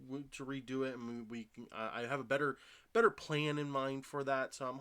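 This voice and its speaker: A tired man hosts a casual podcast from his home desk, his voice sitting at an ordinary middle pitch. He rambles loosely, stacking fillers and restarting his sentences as he talks. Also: a bit bright, clear, resonant tone. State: sleepy, short on sleep. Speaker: podcast host. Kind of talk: casual solo podcast talk. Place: home room.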